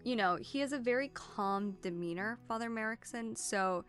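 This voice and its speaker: A woman narrating as dungeon master of a tabletop game in a casual, lively way with many fillers. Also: a little high, normal speed, soft background music.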